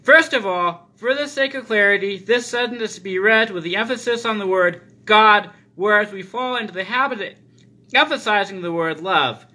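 Emphatic preacher with a bright, high voice. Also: male voice. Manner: deliberate, emphatic reading with slow repeated phrases. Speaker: pastor. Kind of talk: sermon.

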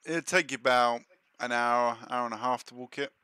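A man acting as game master at a tabletop session, answering players' questions in an offhand, relaxed way. His voice has a bright, forward edge. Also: medium pitch, normal speed, clear, resonant tone.

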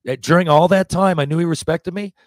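A man's voice: a little high, fast, no echo. A man in his forties, a podcast guest, telling rambling, profanity-laced anecdotes in a casual way. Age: 40s. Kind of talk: casual storytelling.

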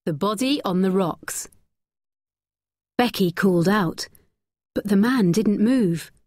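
A woman narrating a graded-reader story slowly, clearly and expressively. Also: mid-range voice, a little mellow, dry recording, studio quality.

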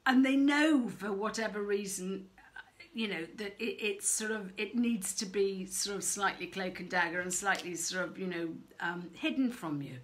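A middle-aged woman giving frank, animated parenting advice straight to camera, acting out quoted voices as she goes. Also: mid-range voice, normal speed. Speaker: parenting coach. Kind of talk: direct-to-camera advice talk.

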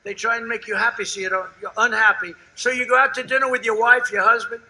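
Older male rally speaker: brassy, very bright voice, pitched fairly high, boastful and repetitive, with loud shouted peaks and quiet asides. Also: level tone, fast talker, rough recording. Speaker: politician at a campaign rally. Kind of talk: rally speech. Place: outdoor rally before a large crowd.

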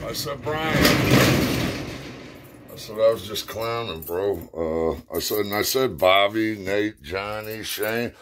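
A middle-aged man with a very low voice spins rambling, cuss-heavy stories from his past. He sounds a little short of breath as he talks, in a loose, casual way. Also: animated, a little slow, a bit bright. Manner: profane, rambling storyteller. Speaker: storyteller. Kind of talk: casual spoken memories.

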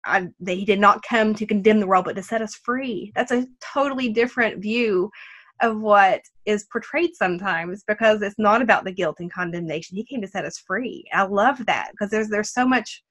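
A woman's voice: medium pitch, moderate pace, a bit bright. Earnest woman hosting a faith podcast. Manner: earnest and encouraging, often laughs. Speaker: podcast host. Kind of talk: faith-based podcast conversation.

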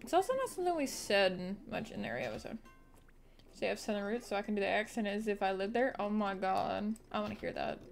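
A woman's voice: medium pitch, quick pace, gravelly. A woman streamer giving casual, profanity-laced commentary while playing a video game. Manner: swearing, animated and reactive. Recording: faint music behind.

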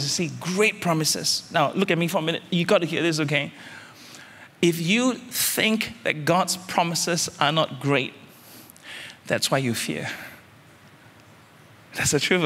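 A man preaching a sermon as senior pastor, emphatic, repeating phrases and climbing suddenly louder. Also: on the high side, long reverb tail.

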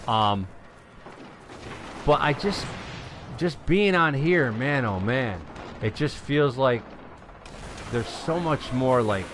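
Excitable man commentating gameplay live. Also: medium pitch, noisy background. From New York. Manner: excitable, shouts at wins, talks to viewers as folks. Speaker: gaming live streamer.

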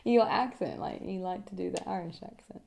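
A woman's voice: on the low side, brisk, gravelly, a little mellow. A woman co-hosting a reaction video, chatting casually with a giggly, teasing manner. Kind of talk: casual chat.

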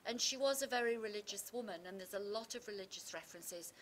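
A woman's voice: medium pitch, quick pace, crowd noise. A woman English teacher, explaining poetry terms with confidence and leaning on key words. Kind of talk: explanatory revision chat.

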